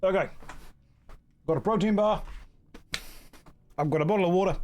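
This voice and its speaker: A man's voice: sits high, normal speed, a little mellow, faint music behind. A British man live-streaming a game, chatting casually and joking as he reads out and riffs on viewer messages.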